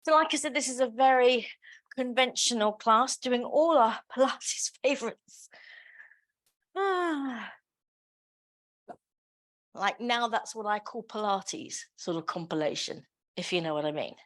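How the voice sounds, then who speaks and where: A woman's voice: fairly high pitch, moderate pace, a bit bright. A woman instructor leading a pilates class. She calls out breathing and movement cues and counts reps aloud. She drops in playful, chatty asides between the cues. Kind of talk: live exercise class instruction.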